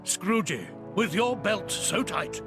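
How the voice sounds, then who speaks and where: A sorrowful, wheedling cartoon Santa drawls his pleas slowly, his voice swooping high and low. Loud music plays behind him throughout. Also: very animated, full character voice. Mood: pleading. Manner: sing-song pleading, pitiful sighs. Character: pleading, wheedling male Santa Claus, huge and sad.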